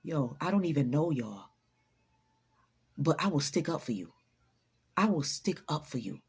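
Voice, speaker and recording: Deep, husky and a little mellow, this woman's voice is very animated yet measured in pace. A motivational vlogger, she delivers a profanity-laced, preachy pep talk, hammering points through repetition and laughing a lot.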